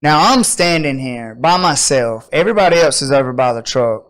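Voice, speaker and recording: A man on a podcast telling a story in a loose, animated, profane way and acting out the people in it. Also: medium pitch, moderate pace, smooth. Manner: animated, profane, acts out quotes. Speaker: podcast host. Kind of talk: casual storytelling.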